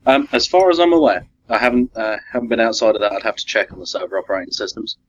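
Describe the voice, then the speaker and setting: A young man with an English accent, a consultant guest on a podcast, talking casually with hesitant fillers and quick laughs. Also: fairly low pitch. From England. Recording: dull lo-fi sound.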